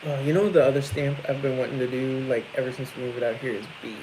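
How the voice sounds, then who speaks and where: A man's voice: medium pitch, fairly even intonation, quick pace, noisy background. A young man with a Midwestern American accent, co-hosting a farm livestream in casual, rambling chat. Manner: rambling, lots of likes and restarts.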